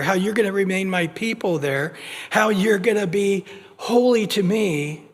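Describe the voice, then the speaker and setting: A male pastor with a high voice teaches in a lively, conversational way, often restarting and repeating words as he acts out little everyday scenes. His voice carries a long reverb from the church hall. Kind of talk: expository sermon. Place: church sanctuary.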